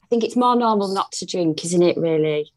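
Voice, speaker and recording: A woman's voice: on the low side, brisk, darkish tone. A woman comedian chatting as a podcast guest, telling rambling anecdotes with many restarts. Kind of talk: casual podcast chat.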